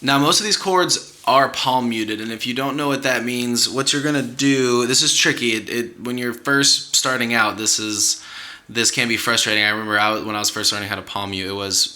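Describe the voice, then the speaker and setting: A man's voice: medium pitch, pushed and bright. A young man giving a patient, encouraging guitar lesson, counting the beats aloud as he walks through chords. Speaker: guitar teacher. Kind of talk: guitar tutorial. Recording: guitar playing under the voice. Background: guitar playing.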